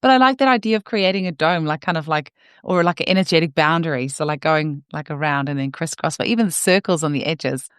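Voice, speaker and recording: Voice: mid-range voice, quick pace, fairly bright tone, clean tone, dry recording, studio quality. A podcast host reacting with amazement to a guest's story in a casual conversation.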